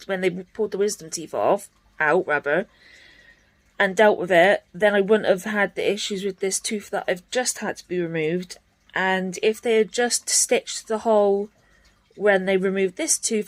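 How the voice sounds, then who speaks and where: A woman talking frankly and bluntly in a casual home vlog. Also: mid-range voice. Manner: frank and blunt, mildly annoyed. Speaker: vlogger.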